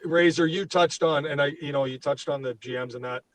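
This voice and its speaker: A man's voice: a little high, fairly quick, poor audio. A man co-hosting a sports podcast, ranting heatedly and swearing as he gets worked up. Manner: fired up, swears freely, ranting. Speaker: podcast co-host.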